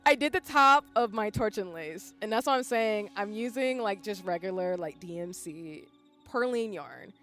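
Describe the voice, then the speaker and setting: A young woman, chatting casually on a livestream while she works on lace, saying y'all a lot and breaking into excited squeals. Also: medium pitch, normal speed, soft background music. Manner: chatty, says "y'all" often, bursts into squealing yells. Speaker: streamer.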